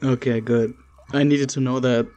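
A man's voice: medium pitch, little pitch movement, normal speed, warm tone. A man hosting a casual gaming session, reacting with incredulous, laughing, swearing banter to his friends. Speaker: gaming channel host.

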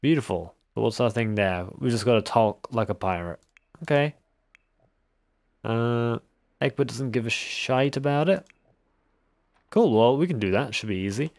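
Man, mid pitch, chatty let's-play host who teases his characters, dry close sound. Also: expressive, moderate pace, vocal fry, long pauses, a little mellow, no room sound. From West Country, England. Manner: chatty, teasing, talks to game characters. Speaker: gaming video host. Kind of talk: casual gameplay commentary.

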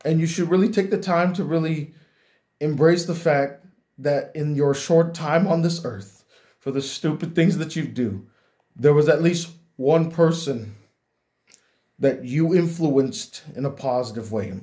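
A man's voice: on the high side, unhurried, dark tone. A young man, a YouTube critic, talking earnestly and reflectively to his viewers, often repeating words as he gathers his thoughts. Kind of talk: heartfelt talk to camera.

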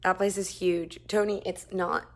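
A young woman live-streams from her phone in a shared apartment while feeling nauseous, chatting casually with viewers and reading their comments. Her delivery is flat and moderately paced, yet she drifts between sudden loud outbursts and low, tired murmurs.

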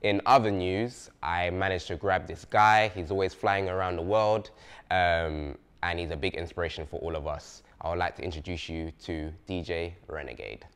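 A man's voice: low-pitched, moderate pace, a bit bright, smooth. A male host giving a friendly on-camera introduction, speaking directly to viewers. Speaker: show host.

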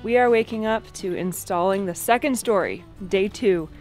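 A woman hosting a vlog in a chatty, relaxed casual style. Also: medium pitch, moderate pace, soft background music. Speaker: vlog host.

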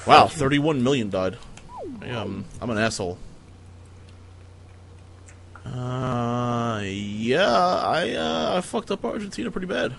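A man streaming a strategy game, giving casual, profane, sardonic commentary as he thinks out loud. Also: medium pitch, very animated, slow, vocal fry, long pauses, slight background noise.

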